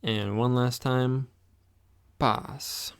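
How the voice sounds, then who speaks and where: A man leads a pronunciation lesson, speaking slowly and patiently. He repeats each word so the listener can try it after him. His voice is smooth and resonant, with a gravelly edge at the ends of phrases. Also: mid-range voice. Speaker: language teacher.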